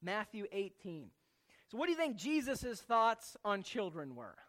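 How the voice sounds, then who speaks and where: A preacher teaching a sermon from scripture, speaking slowly and deliberately, repeating key words and asking the listeners questions. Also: mid-range voice, very animated, a bit bright.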